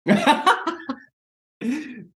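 A woman's voice: sits high, expressive, extremely slow. A woman hosting an interview who asks questions and responds with encouragement. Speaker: interview host. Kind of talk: casual interview chat.

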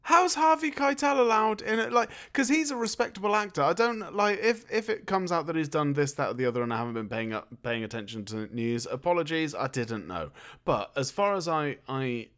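A man's voice: a little high, brisk, fairly bright tone. A man, ranting sarcastically and swearing in a casual film-review chat. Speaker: podcast co-host.

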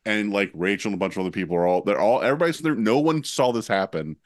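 A man's voice: lowish voice, fast, no echo, studio quality. A man co-hosting a podcast, telling a prank story in casual chat and giggling through it as he searches for his words. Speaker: podcast co-host.

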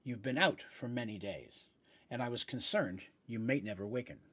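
A gentle young minotaur , voiced by a man, speaks slowly in a very deep, husky register. His tone is calm and soothing, like a caretaker at a bedside in a tabletop game.

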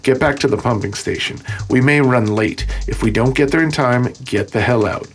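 A man's voice: medium pitch, normal speed, faint music behind, lightly acted. A man voicing a terse male team leader giving clipped orders in an audiobook. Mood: curt. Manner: clipped, commanding.

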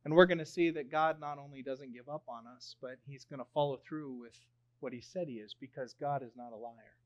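A young man preaching a sermon, telling a story in an animated way and swelling loud on key phrases. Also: mid-range voice, brisk, highs cut off. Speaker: pastor.

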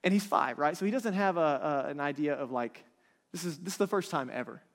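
Guy in his 30s preaching, high voice, keeps asking the crowd if they're with him, big echoey hall. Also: expressive, brisk. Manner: conversational, keeps checking in with the crowd. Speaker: pastor. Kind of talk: sermon. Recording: long reverb of a large hall.

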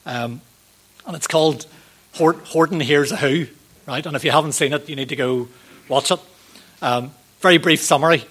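A man, giving a sermon in a gentle, conversational way, with ums and rhetorical questions. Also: fairly high pitch, moderate pace, long pauses, husky. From Northern Ireland. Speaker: preacher.

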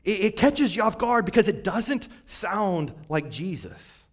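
Conversational pastor in his forties, higher-pitched. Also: sing-song, unhurried. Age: 40s. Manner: conversational, asks rhetorical questions. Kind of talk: sermon.

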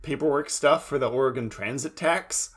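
A wry podcast co-host from the Pacific Northwest. His voice sits in a middle pitch, and he chats casually, laughing often and quoting lines from the episode. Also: moderate pace, husky. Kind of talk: casual recap chat.

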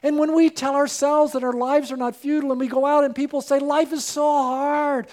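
High-voiced man preaching a dramatic sermon. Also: level tone, fast talker. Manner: dramatic preaching, swinging from hushed to loud. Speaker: pastor.

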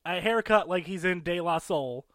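High bright voiced podcast cohost guy, excitable, swears, agrees a lot, dry mic. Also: moderate pace, no echo. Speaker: podcast co-host. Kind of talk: casual chat.

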